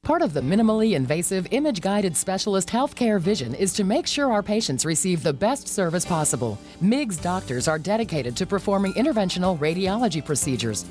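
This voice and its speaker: A woman voices a scripted medical commercial in a clear, measured read. Her pitch moves a lot, and faint music plays behind her. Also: a little mellow. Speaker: ad voice-over.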